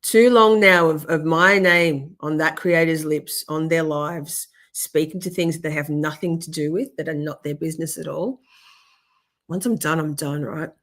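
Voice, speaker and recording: A woman's voice: sits low, moderate pace, fairly bright tone. A young adult woman talking on a livestream, rambling and interrupting herself, swearing often as she vents about something personal while thanking viewers in chat. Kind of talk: emotional personal livestream talk.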